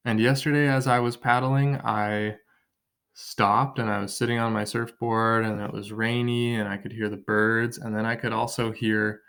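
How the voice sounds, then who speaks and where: A man's voice: on the low side, flat delivery, moderate pace, fairly bright tone, clear, resonant tone. A man teaching an online writing lesson from his kitchen table, thinking aloud and counting syllables as he drafts.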